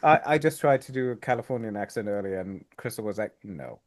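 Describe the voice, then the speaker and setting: A man with a German accent chatting casually after a tabletop game, quick and self-mocking. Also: fairly low pitch, lively intonation, no echo, clean studio sound. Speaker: player.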